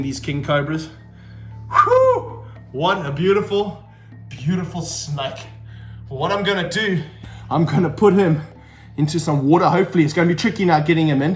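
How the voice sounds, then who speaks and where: An energetic man, handling and filming a snake outdoors for his vlog, exclaiming and coaching a helper. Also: a little high. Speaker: snake handler and wildlife vlogger. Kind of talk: excited hands-on wildlife vlog. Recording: roomy sound, mic held off at a distance, faint music behind.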